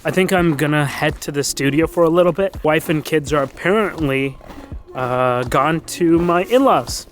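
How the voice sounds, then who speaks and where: A man in his thirties talking casually to camera as a tech vlogger, relaxed and chatty with plenty of fillers. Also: a little high, normal speed, faint music behind. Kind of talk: casual vlog talk to camera.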